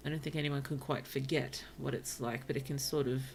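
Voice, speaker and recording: A tired woman streamer gently chatting with her viewers during gameplay, softly spoken and often dropping to a whisper. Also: extremely low pitch, steady tone, fairly quick, creaky, slight background noise. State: tired, yawning. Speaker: virtual streamer. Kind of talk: casual gameplay commentary to chat.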